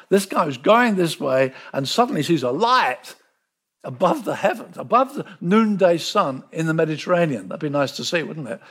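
A man preaching a sermon, telling the story with lively emphasis and repeating words to drive points home. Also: a little high, slightly rough. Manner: animated storytelling, acting out quoted voices.

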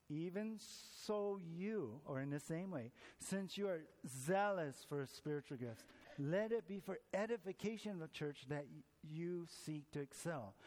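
Male pastor, chatty sermon delivery, slightly high voice, big reverberant hall. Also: darkish tone. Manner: conversational, tells jokes, asks the congregation questions.

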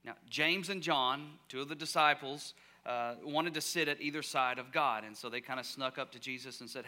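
A man preaching a sermon as pastor, telling the story with lively acted-out voices and shouted cries, sometimes dropping to a near-whisper. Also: medium pitch, fast talker. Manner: drops to a soft near-whisper at quiet moments. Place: church sanctuary.

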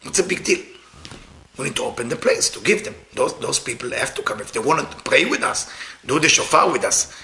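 Forceful man giving an informal sermon. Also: mid-range voice, sing-song, a little fast, vocal fry, slight background noise. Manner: emphatic, swings from loud to hushed; non-native English grammar.

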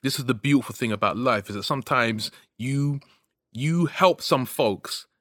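A man co-hosting a podcast, telling a story in a casual, animated way. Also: medium pitch, normal speed, dry recording, studio quality. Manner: animated storyteller, frequent "you know what I mean". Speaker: podcast co-host.

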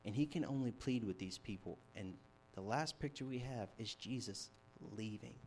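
A young man preaching a sermon, telling a story with animated shifts from hushed to loud. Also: mid-range voice, normal speed, a little hiss or hum. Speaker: campus ministry preacher.

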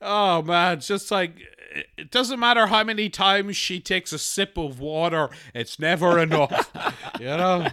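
A man co-hosting a podcast in a casual film chat, joking and laughing easily with quick quips. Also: sits high, pushed and bright, smooth, no echo, clean studio sound. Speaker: podcast co-host.

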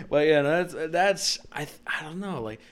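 A young man co-hosting a podcast, telling profane stories in casual chat and shouting out the lines he quotes. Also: on the high side. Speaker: podcast co-host.

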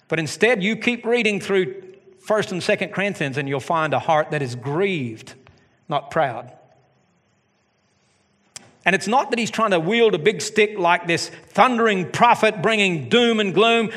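Animated pastor preaching in a reverberant hall. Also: male voice, high-pitched, moderate pace, breathy edge. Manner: animated preaching with joking asides. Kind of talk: sermon. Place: church sanctuary.

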